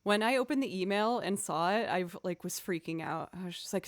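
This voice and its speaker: A woman's voice: medium pitch, fairly quick. A woman chatting casually with viewers on a live stream, playful and goofy. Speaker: streamer and violinist.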